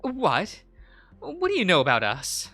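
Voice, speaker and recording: A man's voice: on the high side, lively intonation, measured pace, bright, forceful tone, dry recording, soft background music, voice pushed up, full character voice. A man voicing a wary, defiant young noblewoman who refuses to be held. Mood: suspicious.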